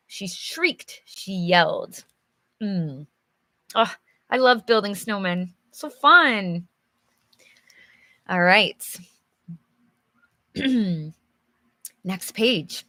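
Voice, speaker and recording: Slow, giggly teacher woman. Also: mid-range voice, no room sound. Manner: giggly, animated, chatty with viewers. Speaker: English teacher. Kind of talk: live storybook reading with chat.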